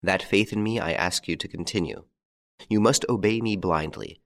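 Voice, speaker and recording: A man playing a calm, masterful gentleman rescuer, courteous and commanding. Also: low-pitched, moderate pace, gravelly.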